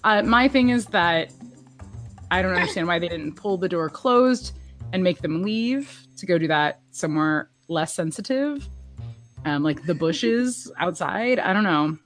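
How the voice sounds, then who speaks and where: A woman co-hosting a podcast, chatting casually about a TV episode with frequent laughs and quick asides. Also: lowish voice, lively intonation, soft background music. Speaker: podcast co-host. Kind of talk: casual chat recapping a TV episode.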